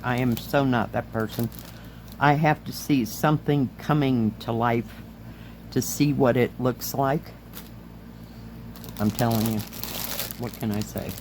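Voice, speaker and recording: A middle-aged woman, slightly hoarse, chatting casually as she reviews craft kits and handles them on camera. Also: very deep voice, fairly even intonation, a little slow, long pauses, background noise. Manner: chatty, enthusiastic, talks while handling items. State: slightly hoarse, losing her voice. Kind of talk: casual chat.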